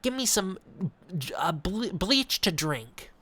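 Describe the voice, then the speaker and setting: A man putting on a mocking impression of a young male video host, whiny and exaggerated, higher than his own voice. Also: very animated, slow pace, sharp tone, heavily acted.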